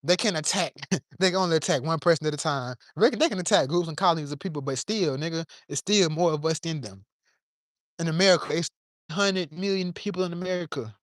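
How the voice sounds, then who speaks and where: Guy kinda sick but still preaching, lots of cussing, pitch up a bit, dry sound, talking outside in his yard. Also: a little fast, a bit bright, no echo. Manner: fervent, profane, preachy street talk. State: a little under the weather. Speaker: vlogger. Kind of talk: impassioned monologue to camera.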